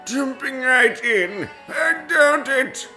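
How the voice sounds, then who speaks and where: A high, shrill male heckler, as a man puts him on, scoffing in slow, drawn-out doubt. He sounds sharp and bright, with faint music behind him. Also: animated, exaggerated voice. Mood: sarcastic. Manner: sarcastic, dismissive.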